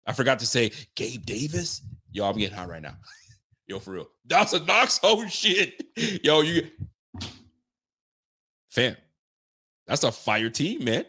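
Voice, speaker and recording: Hosting a casual live-stream about football, a man with a medium-pitched, slightly rough voice responds to viewer comments. His quick, slangy talk is peppered with swearing, laughter, and excitement.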